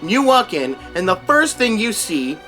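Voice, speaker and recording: A man telling an animated, laugh-filled story to camera in a vlog, slipping into character voices. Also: sits high, a little slow, soft background music. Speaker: voice impressionist and vlogger.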